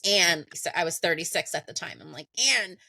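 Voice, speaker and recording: A woman's voice: low voice, brisk, creaky, pushed and bright, no echo. A woman in her thirties, a podcast guest, casually telling a story, laughing often and acting out what people said. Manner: laughs often, acts out conversations.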